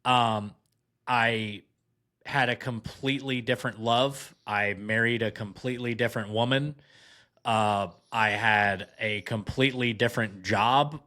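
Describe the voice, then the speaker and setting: Young dude telling a wild story on a podcast, bright voice, animated. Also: male voice, medium pitch, measured pace. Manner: animated anecdote, acts out quoted voices. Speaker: podcast guest. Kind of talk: casual storytelling chat.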